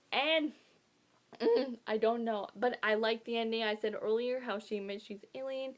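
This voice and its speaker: A young woman vlogging about a novel she loved, in a gushing, breathless way that swings from hushed whispers to high squeals. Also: moderate pace. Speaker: book vlogger. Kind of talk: excited casual book talk.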